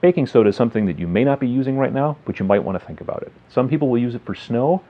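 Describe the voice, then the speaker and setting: A man's voice: medium pitch, lively intonation, racing. A man hosting a casual tabletop hobby tutorial, explaining in a rambling, friendly way full of fillers. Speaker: miniature hobby video host. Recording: slightly dull lo-fi sound.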